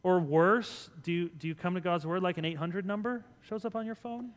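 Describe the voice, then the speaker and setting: Male pastor, bright higher-set voice, conversational sermon in a reverberant church hall. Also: fairly even intonation, fairly quick. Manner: conversational preaching, swings from loud to soft. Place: church sanctuary.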